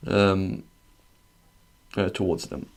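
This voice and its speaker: A male Islamic teacher with a low, flat voice speaks slowly as he gives a conversational lesson. He reads classical Arabic passages, translates and explains them, and keeps checking in with "right?"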